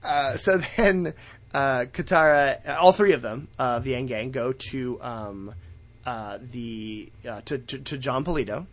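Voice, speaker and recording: A man's voice: mid-range voice, a little slow. Man recapping a show casually. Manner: rambling, acts out characters, swears freely. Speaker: podcast co-host. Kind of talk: casual episode recap chat.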